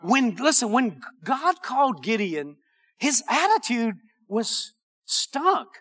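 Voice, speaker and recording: A male pastor preaching with fervor, his voice sitting high and bright. He swings from calm teaching into loud, urgent cries. He reads verses aloud to his congregation. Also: slow. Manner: impassioned preaching, often shouting, reads scripture aloud. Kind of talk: sermon.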